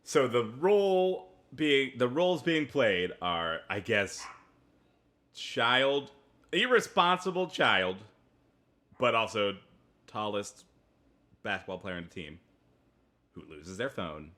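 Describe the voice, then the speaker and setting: A man's voice: mid-range voice, animated, slow, pauses often, fairly bright tone. A man in his thirties co-hosting a comedy podcast, chatting casually with dry, self-deprecating humor. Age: 30s. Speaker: podcast co-host.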